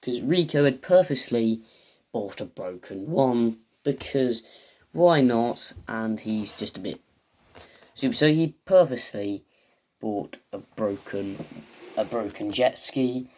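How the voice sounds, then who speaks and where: A man's voice: medium pitch, slow, a little mellow. Rambling man recapping a show. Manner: rambling, full of fillers. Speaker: video host. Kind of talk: casual episode recap.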